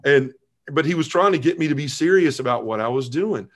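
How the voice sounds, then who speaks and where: A man in his forties, a podcast guest telling his conversion story in an earnest, animated way, acting out his past self. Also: on the high side, fairly quick.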